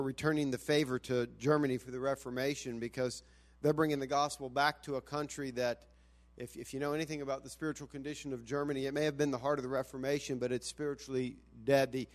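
A man introduces a visiting missionary to his congregation in an earnest, halting way. His voice sits in a middle register, and he often restarts his sentences. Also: mid-range voice, fairly even intonation. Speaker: pastor introducing a guest. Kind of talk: church introduction.

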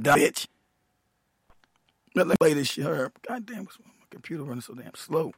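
A man rants heatedly on his livestream, swearing freely and breaking into laughter. His voice sits high for a man and sounds dry and close. He keeps trailing off and muttering as he wrestles with his computer. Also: quick pace, pushed and bright, husky, dry recording. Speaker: show host, military veteran. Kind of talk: profane livestream rant.

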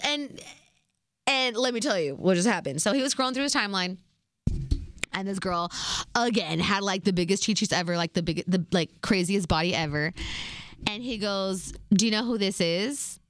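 A woman's voice: medium pitch, moderate pace, long pauses, a bit bright. A young woman in a casual storytime vlog, retelling events in a chatty, slangy way full of asides. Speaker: vlogger.

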